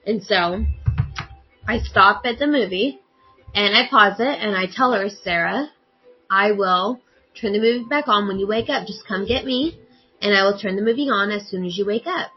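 A woman's voice: medium pitch, normal speed, muffled recording, soft background music. A woman in casual conversation, animatedly telling a family story and acting out the dialogue. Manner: animated, acts out quoted dialogue.

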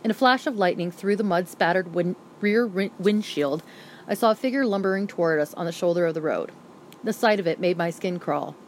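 A woman reads a first-person novel aloud as an audiobook narrator. Her telling is brisk and vivid, in a voice a little low for a woman. A faint hiss sits behind the recording.

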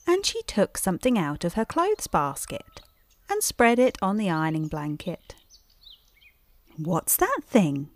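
A woman reading a bedtime story aloud in a gentle, unhurried voice. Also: medium pitch, huge pitch swings.

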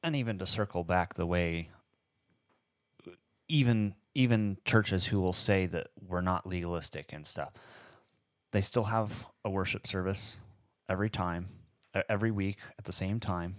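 Deep-voiced man, dry close sound. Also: no room sound. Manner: measured, explanatory, with frequent ums. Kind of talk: casual podcast discussion.

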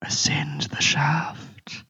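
A man voicing a sickly ancient tree spirit in a whispered role-play, with a breathy coaxing whisper. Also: fairly high pitch, completely flat delivery, drawn-out words, bright, forceful tone, no room sound, highs cut off, voice pushed up, heavily acted.

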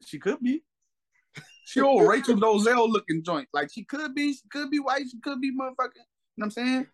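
Casual podcast man, slangy, profane storyteller who jumps way up in pitch for the voices he quotes. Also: brisk. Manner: heavy slang and profanity, repeats "you know what I'm saying". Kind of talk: casual chat.

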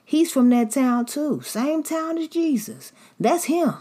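Shrill, finger-pointing bystander, played by a woman preacher in a retelling, very high. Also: expressive, slow pace, mellow. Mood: accusing.

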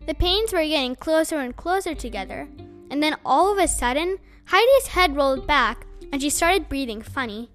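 A woman reading a children's novel aloud, telling the story in a gentle, unhurried way. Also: sits high, lively intonation, faint music behind.

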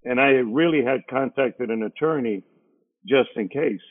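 This middle-aged man's husky, medium-pitched voice moves at a normal speed. A radio DJ from San Antonio, Texas, he tells stories as an interview guest, lively and acting out others' lines. The sound is narrow, like a phone.

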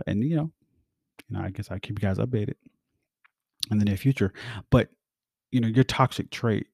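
A man's voice: fairly low pitch, vocal fry, mellow, dry recording, clean studio sound. A man hosting a podcast, talking in a casual, rambling, reflective way with many fillers and restarts, and closing with encouragement. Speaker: podcast host.

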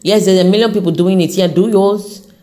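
A woman hosting her own podcast, giving an unscripted motivational talk straight to the listener, encouraging and animated, with an accent that shifts as she talks. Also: medium pitch, fairly quick. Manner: accent shifts while talking. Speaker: podcast host.

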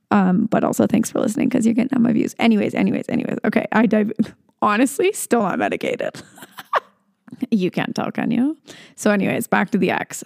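A woman's voice: medium pitch, vocal fry, darkish tone, dry recording. A young adult woman hosting a podcast, talking in a rambling, sarcastic, chatty way and laughing often. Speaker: podcast host. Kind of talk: casual solo podcast chat.

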